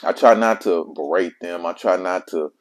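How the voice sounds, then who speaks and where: A deep-voiced father from Mississippi tells his own life story at a normal speed. His speech is casual and slangy, and he repeats himself for emphasis.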